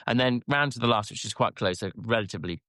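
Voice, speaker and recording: A man's voice: medium pitch, fast, sharp tone, no room sound, studio quality. A man, a rider guest on a podcast, telling his story animatedly, self-deprecating, with lots of restarts. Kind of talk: casual interview chat.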